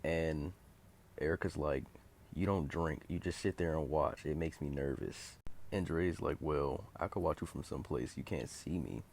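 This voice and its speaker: A young man with a very deep, gravelly voice talks through a TV episode in a loose, casual way. His tone is husky, and he quotes each character without really changing his voice. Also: moderate pace, a little mellow. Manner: retells scenes loosely, quoting characters in his own voice. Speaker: video recapper.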